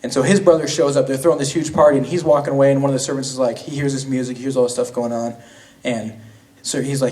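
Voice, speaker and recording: A man's voice: medium pitch, fairly even intonation, fast talker, a little mellow. Casual young man preaching from afar. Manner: casual, slangy retelling with many restarts. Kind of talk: sermon. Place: church. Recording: voice from a distance.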